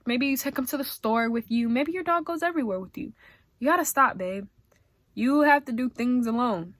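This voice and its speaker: A woman's voice: fairly high pitch, no room sound. A young woman vlogger giving dog-training tips in a casual, emphatic, slangy way. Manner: emphatic, animated, slangy and direct. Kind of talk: casual chatty advice.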